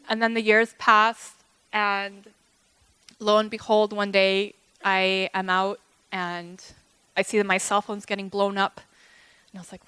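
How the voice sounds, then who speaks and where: A woman's voice: mid-range voice, little pitch movement, unhurried, pushed and bright, smooth, dry recording. A woman giving an emotional, chatty wedding toast for her sister, close to tears and acting out remembered dialogue. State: tearful.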